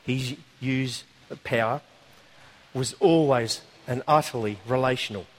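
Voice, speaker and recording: Speaking a little slowly in a mid-range voice, a man preaches a sermon, telling a story conversationally and with animation, dropping in asides along the way.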